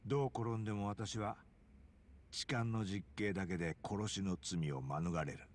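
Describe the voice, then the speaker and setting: A scheming middle-aged male convict from a video game, voiced by a man, speaking politely and coolly. His voice is low-pitched and his delivery quick. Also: natural voice.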